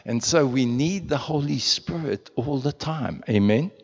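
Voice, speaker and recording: South African pastor preaching in a church hall. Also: male voice, medium pitch, lively intonation, unhurried, breathy edge. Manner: conversational preaching with rhetorical questions and repetitions. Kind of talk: sermon. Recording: muffled sound in a reverberant church hall.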